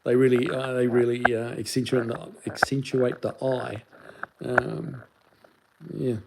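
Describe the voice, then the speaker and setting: Brief: New Zealand-accented man, livestream host, easygoing rambling delivery, mid pitch. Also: unhurried, gravelly, heavy background noise. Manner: rambling, relaxed, many fillers and restarts. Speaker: livestream host answering chat. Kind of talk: casual livestream chat.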